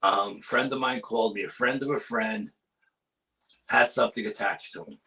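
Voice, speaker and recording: A man, a paranormal researcher appearing as a guest, telling a story in casual chat with urgent energy and dropping to hushed tones for suspense. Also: fairly low pitch, fairly even intonation, moderate pace, creaky, rough recording.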